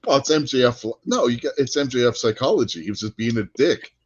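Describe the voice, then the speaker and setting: A man co-hosting a casual wrestling chat show, telling stories in an animated way and laughing often. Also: mid-range voice, fast, husky, no echo. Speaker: podcast co-host. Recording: dull lo-fi podcast audio.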